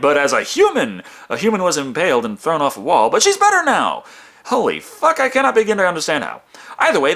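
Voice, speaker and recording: A man narrates a comedic movie review. He is sarcastic and profane, and his pitch leaps around a lot. His voice sounds bright and forward.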